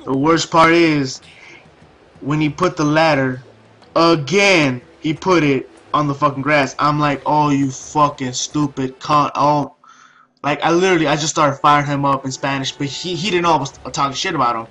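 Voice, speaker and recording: Young man ranting, bright voice. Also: fairly high pitch, fairly even intonation, moderate pace. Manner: profane, ranting, hesitant restarts. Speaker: video commentator. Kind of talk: casual storytelling commentary.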